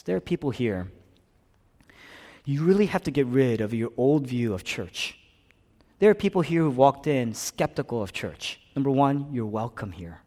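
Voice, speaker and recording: A man preaching a sermon as a pastor, swinging between loud, emphatic passages and hushed, whispered ones. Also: mid-range voice, in a large hall.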